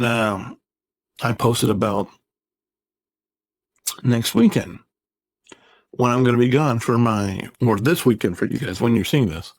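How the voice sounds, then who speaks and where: A man's voice: mid-range voice, no echo. A man in his thirties, a gaming YouTuber, ranting in a casual vlog, rambling, exasperated and sarcastic.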